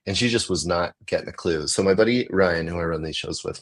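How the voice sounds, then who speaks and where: An American man telling a story in casual chat, animated, acting out the voices he quotes and laughing often. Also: sits low, a little fast. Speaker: comedian guest.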